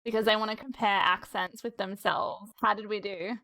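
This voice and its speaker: A woman's voice: mid-range voice, steady tone, moderate pace, vocal fry, sharp tone, rough recording. A woman from Australia hosting a community stream, bubbly, reading chat requests and telling stories. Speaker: stream host. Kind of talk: casual chat.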